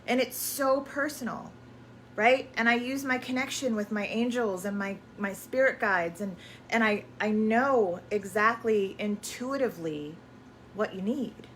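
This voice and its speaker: A woman's voice: mid-range voice, measured pace, fairly bright tone, a little hiss or hum. A woman spiritual energy coach in casual promotional chat, effusive and affirming, often repeating herself and using uplifting self-help language.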